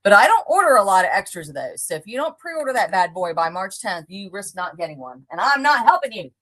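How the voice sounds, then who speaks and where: A woman hosting a live craft product showcase as the shop owner, brisk and emphatic. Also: medium pitch, expressive, fairly bright tone.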